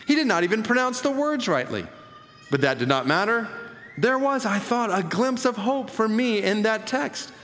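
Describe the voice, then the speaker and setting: A man's voice: sits high, expressive, moderate pace, a bit bright. Earnest male preacher in a reverberant hall. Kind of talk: sermon, reading a quoted story aloud.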